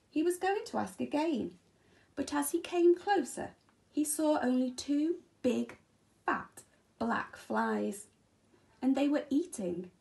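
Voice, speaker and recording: A woman teacher reads a children's picture book aloud with slow, unhurried pacing. Her voice sits fairly high and swings widely up and down, with a gravelly edge at the ends of phrases. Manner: expressive, sing-song storytelling with sound effects. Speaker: primary school teacher reading aloud. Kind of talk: storybook read-aloud for children.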